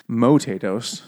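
A man's voice: mid-range voice, a little mellow. A man co-hosting a casual book podcast over beers, joking, swearing freely and laughing at his own jokes. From half Irish family. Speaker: podcast co-host.

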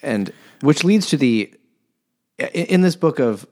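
A man's voice: on the high side, expressive, measured pace, darkish tone. A man co-hosting a comedic book podcast, talking casually in an exasperated way, often trailing off and starting over. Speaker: podcast co-host.

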